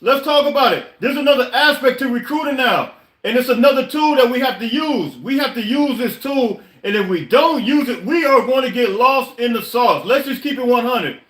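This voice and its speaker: Really high bright-voiced guy venting on a live stream, keeps restarting, echoey. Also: moderate pace. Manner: frustrated, repetitive, stammering restarts. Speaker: podcast host. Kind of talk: casual live-stream chat.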